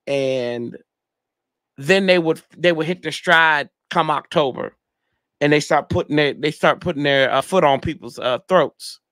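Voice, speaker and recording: Man, sports livestream host, slangy and rambling, fairly high voice, dry close sound. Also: a little slow, a bit bright, no room sound. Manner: rambling, reads chat comments aloud, slangy. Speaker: podcast host reading live chat. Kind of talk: casual sports fan livestream.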